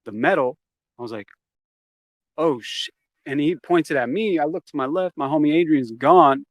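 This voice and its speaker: A man's voice: fairly high pitch, sing-song, brisk, no room sound. A man telling a story from his past in a casual interview. He swears freely and acts out the quoted lines as he goes. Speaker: interview guest.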